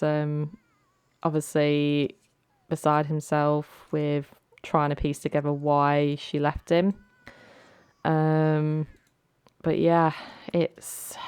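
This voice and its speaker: A woman with a low, smooth, clear voice hosts a let's play from home. She tells the game's story in a chatty, dramatic way, recorded close and dry with no room echo. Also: darkish tone. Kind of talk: casual gameplay commentary.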